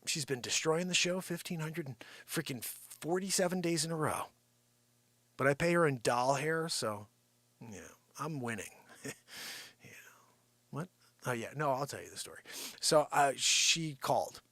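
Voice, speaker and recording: A man's voice: on the high side, measured pace, long pauses, no room sound. A man hosting an improvised comedy livestream, joking and talking to his viewers. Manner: jokey, animated, talks to chat. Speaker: livestream host.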